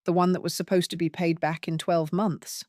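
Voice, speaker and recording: A woman voicing a hurt but firm older widowed mother, questioning pointedly in a low voice. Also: little pitch movement, moderate pace, a little mellow, no echo, studio quality, natural voice. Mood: confronting.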